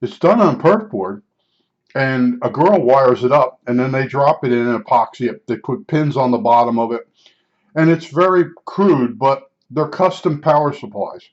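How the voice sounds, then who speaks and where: A man's voice: mid-range voice, lively intonation, moderate pace. Older man telling a rambling story. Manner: rambling, repeats himself, many fillers. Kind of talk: casual storytelling. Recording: slightly dull lo-fi sound.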